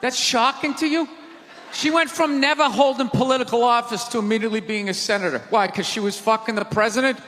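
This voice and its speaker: A man doing a live stand-up set, ranting loudly with lots of profanity in a large theater. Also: very high-pitched, fairly even intonation, brisk, slight background noise. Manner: loud ranting delivery with profanity. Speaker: stand-up comedian. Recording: live theater recording with long reverb and faint crowd.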